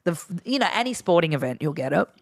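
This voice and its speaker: A woman's voice: deep voice, big pitch swings, fast talker, gravelly, no echo, clean studio sound. A woman, a DJ chatting frankly in an interview, swearing freely and acting out what others said. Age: 50s. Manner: frank, swears freely, acts out quoted voices. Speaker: DJ guest. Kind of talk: casual interview chat.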